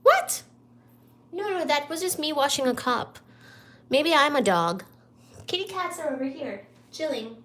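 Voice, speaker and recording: A woman's voice: high-pitched, animated, moderate pace, a bit bright, distant mic. A woman hosting a casual livestream from her kitchen, playful and chatty, cooing at her cats. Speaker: livestream host. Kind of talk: casual live-stream chat. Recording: echoey room with background noise.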